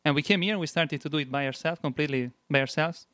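A man's voice: a little high, fast, fairly bright tone, no echo. A man from Italy with an Italian accent, a guest in a casual interview, telling his story plainly and earnestly.

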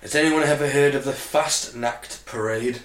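A podcast co-host with a dry, crude manner who reads out odd facts in a medium-pitched male voice. The sound is roomy and echoey. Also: moderate pace, a bit bright. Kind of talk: reading out facts, casual banter. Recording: echoey room.

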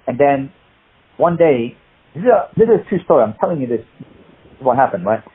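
Male interview guest, husky voice, rambling, animated anecdotes, phone-thin sound. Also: medium pitch, fairly quick. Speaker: guest, martial arts actor. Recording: tinny phone-like line.

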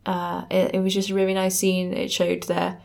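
A woman's voice: fairly low pitch, completely flat delivery, normal speed, creaky, darkish tone. A woman co-hosting a podcast, chatting casually about a TV episode and musing aloud, often trailing off and laughing. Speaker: podcast co-host. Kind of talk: casual chat reviewing a TV episode.

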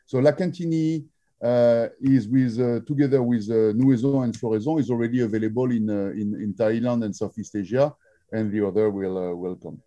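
A man with a French accent recounts stories for an interviewer. His voice is very dark and mellow. He hesitates constantly, filling gaps with "uh" and circling back to restart his phrases. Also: mid-range voice, steady tone, muffled recording. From France. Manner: halting, many fillers and restarts. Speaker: drinks brand founder. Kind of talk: interview storytelling.

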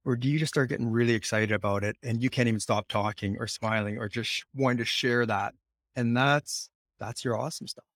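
Male podcast guest, reflective and measured, mid-pitched voice, dry close recording. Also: fairly bright tone, no room sound. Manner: reflective, explains ideas slowly with pauses. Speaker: podcast guest on money mindset. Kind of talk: casual podcast conversation.

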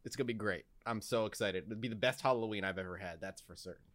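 A man hosting a podcast, animated and playful as he plugs events between jokes. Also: lowish voice, quick pace. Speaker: podcast host. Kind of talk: casual comedic chat.

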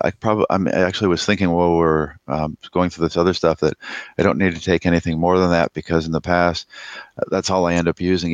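A man co-hosting a podcast, chatting in a relaxed, rambling way with many fillers. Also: sits low, no room sound. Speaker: podcast co-host. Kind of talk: casual chat. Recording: dull lo-fi sound.

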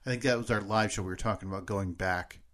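A man's voice: on the low side, fairly even intonation, fast, a bit bright. A man co-hosting a podcast in casual chat, earnest and self-deprecating. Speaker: podcast co-host.

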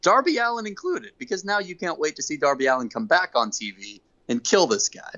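Brief: male host, casual recap, lively swooping voice, dull lo-fi recording. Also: fairly high pitch, a little fast. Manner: animated storyteller, acts out quotes. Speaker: podcast host. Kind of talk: casual wrestling recap chat.

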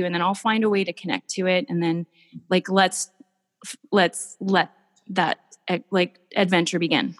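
A woman artist telling warm, gushing stories in a casual podcast chat, with many restarts. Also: lowish voice, fairly even intonation, moderate pace. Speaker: painter, podcast guest. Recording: long hall reverb.

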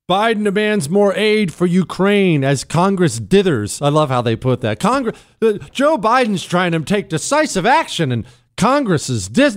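Sarcastic radio host guy, kinda high voice, super animated, dry studio sound. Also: dry recording. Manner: sarcastic, emphatic, repeats words for effect. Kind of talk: combative political commentary.

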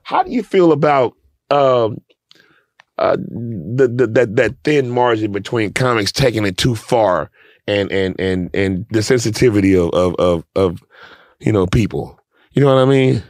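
A man co-hosting a casual podcast trips over his own questions and swears freely. His pitch swings in a lively way, and the recording is dry and close. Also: measured pace, dry recording. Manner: hesitant, stumbling over questions, profane. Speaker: podcast co-host.

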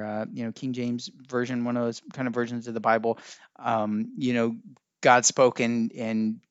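A man's voice: mid-range voice, clear, resonant tone, no room sound, muffled recording. A man hosting a podcast, talking in a loose, musing way and wandering off to look things up as he goes. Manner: rambling and musing, looks things up mid-talk. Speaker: podcast host. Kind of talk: casual spoken podcast talk.

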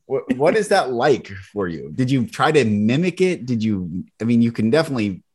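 A man's voice: medium pitch, sing-song, moderate pace, a little mellow, breathy edge. A man hosting a podcast, asking curious questions and encouraging his guest with short affirmations. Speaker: podcast host. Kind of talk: casual interview questions.

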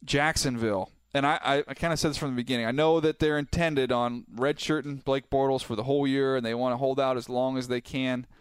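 Measured football analyst, dry close mic. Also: male voice, medium pitch, clear, resonant tone, no room sound. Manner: measured, explanatory, steady reasoning with fillers. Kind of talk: sports radio debate.

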